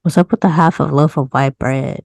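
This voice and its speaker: A woman with a soft Southern US accent speaks in a deep, low voice. The recording is close and dry, and she reacts with quick, teasing one-liners. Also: steady tone, vocal fry, no room sound. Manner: short reactive quips, teasing. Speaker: podcast co-host. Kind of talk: casual chat.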